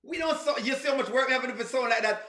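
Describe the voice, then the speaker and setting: A man's voice: very high voice, racing, bright, forceful tone, echoey room. A man with a Jamaican accent hosting a reaction livestream, laughing often and repeating phrases as he chats with viewers. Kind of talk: casual chat with live viewers.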